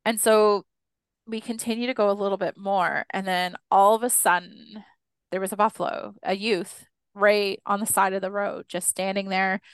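A young adult woman telling a personal story in a podcast interview, animated and acting out the dialogue she quotes. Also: medium pitch, normal speed, smooth, no echo. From Canada, Six Nations Mohawk community. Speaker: guest, Indigenous educator.

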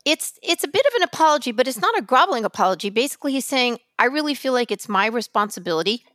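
A woman co-hosting a chatty podcast, acting out every story with theatrical flair and blunt, profane asides. Her voice sits fairly high. The sound is dry and close, with no room echo. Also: very animated, quick pace, a bit bright. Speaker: podcast co-host. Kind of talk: casual conversational podcast.

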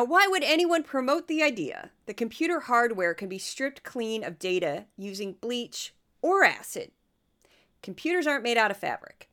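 A hoarse woman hosting a podcast, talking in a chatty, sarcastic and self-deprecating way. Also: on the high side, sharp tone. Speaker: podcast host. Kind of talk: casual commentary podcast.

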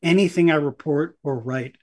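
A man's voice: on the high side, normal speed, darkish tone. A man talking as a journalist guest on a podcast interview, wry and sardonic, laughing between points.

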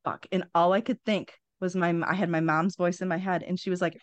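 A woman in her forties tells her own story with blunt candor and dry humor, cursing freely. Her voice sits low, and the sound is close and dry. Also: little pitch movement, a little fast, no room sound. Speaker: podcast guest. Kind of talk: candid personal storytelling.

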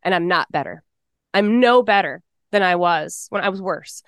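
A woman in her forties from Texas, telling her personal testimony in an interview, emotional and fast-talking. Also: lowish voice, animated, fairly bright tone, no room sound, clean studio sound.

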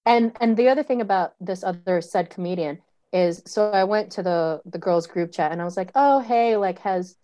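A young woman, a stand-up comedian telling a story in casual chat, animated, full of fillers and swearing. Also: mid-range voice, moderate pace. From New York City.

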